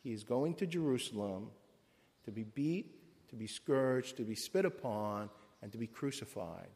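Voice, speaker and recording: A man's voice: lowish voice, animated, a little mellow. Solemn man reading in a reverberant church. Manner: solemn measured cadence. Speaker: priest. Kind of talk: liturgical reading and sermon.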